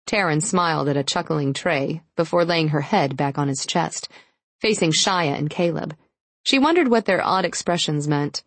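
Low, husky-voiced woman to narrate a romance audiobook, steady read, dry close sound. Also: unhurried, no echo. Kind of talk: scripted narration.

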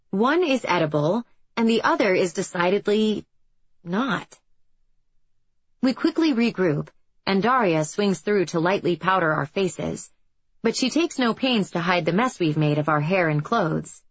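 A young woman with a low, slightly husky voice reads a first-person story aloud in even, reflective narration. The recording is dry and a little dull, with little high end. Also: dry recording. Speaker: audiobook narrator.

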